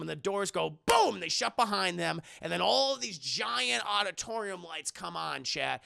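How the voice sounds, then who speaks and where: Young guy streamer, high gravelly voice, swears a lot, dry close mic. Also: no room sound. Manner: profane, animated, repetitive. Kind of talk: live-stream episode recap.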